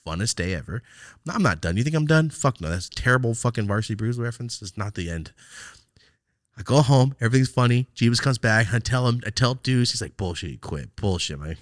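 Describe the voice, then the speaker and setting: A man hosting a podcast, telling a story in a profane, animated way and acting out both sides of the exchange. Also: mid-range voice, fast, no echo, studio quality. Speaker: podcast host. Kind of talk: casual storytelling chat.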